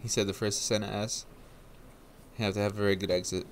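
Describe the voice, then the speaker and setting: A man's voice: lowish voice, level tone, quick pace, slight background noise. A man co-hosting a live podcast, joking and laughing while commenting on a race, on a headset mic. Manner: joking, chatty, laughs often. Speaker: podcast co-host. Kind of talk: casual live commentary chat. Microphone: headset with headphones.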